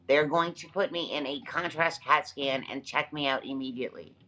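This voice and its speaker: A woman's voice: very deep voice, normal speed, bright, forceful tone, rough recording. A woman hosting a livestream, talking back to her chat in an emphatic, repetitive way while exhausted. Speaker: livestream host. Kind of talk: casual livestream talk to chat.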